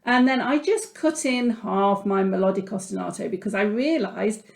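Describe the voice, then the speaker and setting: A patient, encouraging woman teaches a music lesson to children over video, explaining each step as she draws. Her voice sits at a middle pitch. The room around her has a noticeable echo. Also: moderate pace, creaky, a little mellow. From England. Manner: encouraging, patient, talks through her drawing. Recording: echoey room.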